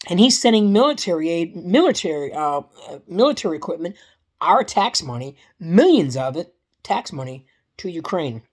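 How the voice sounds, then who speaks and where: A woman's voice: medium pitch, expressive, a little fast, darkish tone. A woman delivers a heated, profane political rant in a casual vlog, repeating herself and restarting sentences. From Canada.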